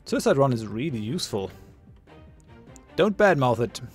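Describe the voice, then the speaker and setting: A man's voice: mid-range voice, big pitch swings, moderate pace, faint music behind. A man giving casual commentary while he plays a game, thinking aloud, muttering and laughing at his own jokes. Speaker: gamer playing a ship combat game.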